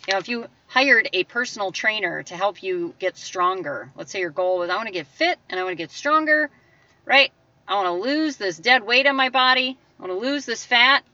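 A woman speaks in a bright, forceful voice, giving an emphatic motivational talk. She talks to the listener directly and acts out the voices she quotes. The sound is dry and slightly dull. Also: medium pitch, expressive, a little fast, no echo, far from the mic. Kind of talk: motivational monologue.

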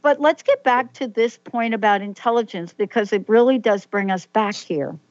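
A woman's voice: fairly high pitch, moderate pace, no echo. Female interviewer, storytelling manner, dead-dry dull lo-fi audio. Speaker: host. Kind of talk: interview conversation.

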